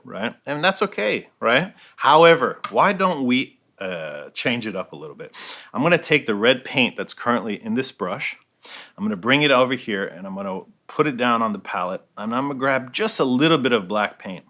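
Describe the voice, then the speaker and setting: Bright-voiced man teaching painting. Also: medium pitch. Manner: explains while painting, checks in with frequent "right?". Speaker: art instructor. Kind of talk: step-by-step painting tutorial.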